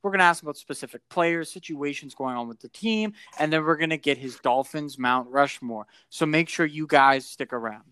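A young man co-hosting a casual sports podcast, jokey and excitable with a teasing edge. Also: a little high, normal speed, few pauses. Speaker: podcast co-host.

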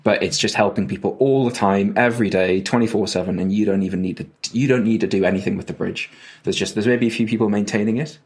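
A man's voice: on the low side, steady tone, fast, few pauses, darkish tone. A man co-hosting a podcast, chatting casually in a rambling, self-interrupting and jokey way. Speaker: podcast co-host. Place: at home during rain, remote call.

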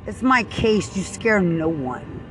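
A man's voice: sits high, sing-song, slow pace, a bit bright, a little hiss or hum. A man ranting angrily outdoors, accusing someone over and over and swearing. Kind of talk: angry confrontational rant.

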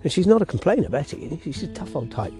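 Man, warm mellow voice, rambling storyteller, podcast recorded outdoors on a dog walk, faint music behind. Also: on the high side, big pitch swings, fast talker. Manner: rambling, self-interrupting, chatty with his dog. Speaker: podcast host. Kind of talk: casual storytelling monologue.

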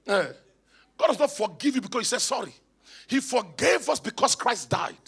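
A man's voice: very high-pitched, sing-song, normal speed, gravelly, fairly bright tone, husky. A man, a bishop preaching emphatically in church and calling on the congregation to respond. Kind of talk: sermon. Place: church hall.

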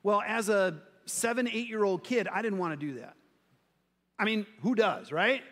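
Brief: male pastor with a high voice, chatty and self-mocking, delivering a sermon in a hall with long reverb. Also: normal speed, fairly bright tone. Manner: conversational and self-deprecating storytelling.

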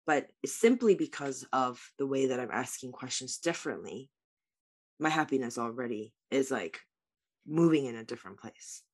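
A woman's voice: very deep voice, expressive, normal speed, husky. A woman speaking as a life coach guest in an interview, answering in an earnest, reflective way with many "like" fillers.

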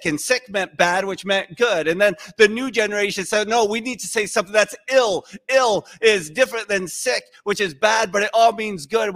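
A male pastor giving a sermon in a conversational, animated storytelling way. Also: high voice.

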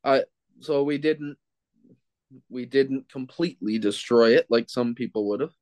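A man's voice: medium pitch, unhurried, darkish tone, no room sound. A man who is a guest on a podcast, chatting in an easygoing way and hedging his opinions. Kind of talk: casual chat.

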